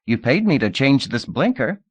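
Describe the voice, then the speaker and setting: Give me a man playing a tense teenage beggar boy bluffing his way out, higher than his own voice. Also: very animated, normal speed, slightly rough, no echo. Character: nervous quick-witted teenage beggar boy.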